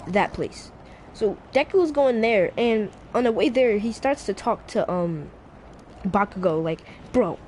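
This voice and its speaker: A woman's voice: medium pitch, a little mellow, slight background noise. A woman YouTuber casually telling a fan-fiction story, rambling with many fillers and restarts.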